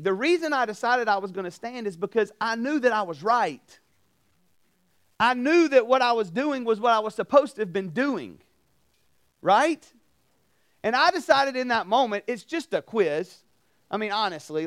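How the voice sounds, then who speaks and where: Brief: man, campus preacher, high voice, lively storyteller. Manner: animated, acts out voices in anecdotes, asks the crowd questions. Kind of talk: storytelling sermon. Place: campus ministry meeting room.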